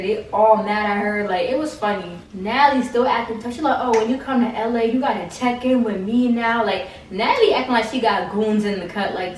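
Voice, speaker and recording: A woman giving a casual, slangy recap of a reality show, full of "like" and mocking asides. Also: medium pitch. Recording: echoey room, distant mic, faint noise.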